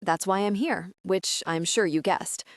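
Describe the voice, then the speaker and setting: A woman's voice: mid-range voice, a little slow, dry recording, clean studio sound, lightly acted. A woman voicing a teasing, prying best friend. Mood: earnest. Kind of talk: audiobook character voice.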